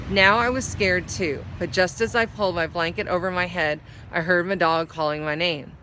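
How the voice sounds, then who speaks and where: A woman reads a story aloud in a bright, forceful voice, pitched a little low. She pauses now and then to explain a word. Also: fairly even intonation, a little hiss or hum. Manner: explains hard words while reading. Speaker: story reader.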